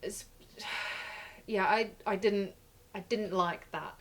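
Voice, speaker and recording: A woman's voice: mid-range voice, slow, a bit bright. A woman co-hosting a casual film review chat, critical and questioning. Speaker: podcast co-host.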